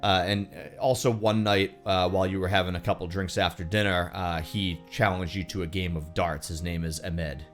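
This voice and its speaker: Man, game master, relaxed narration, lower voice. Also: normal speed, hardly any pauses, faint music behind. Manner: relaxed, lots of fillers.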